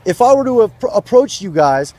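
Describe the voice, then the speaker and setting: A man's voice: high-pitched, big pitch swings, brisk, a crowd in the background. A man in a heated street argument with protesters, profane, rambling and combative, recorded outdoors. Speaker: passerby arguing with protesters.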